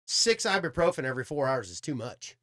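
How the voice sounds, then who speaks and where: A man's voice: medium pitch, a little fast. Man telling a rowdy story. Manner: swearing, animated storytelling with quoted dialogue. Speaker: podcast guest storyteller. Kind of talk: casual storytelling chat.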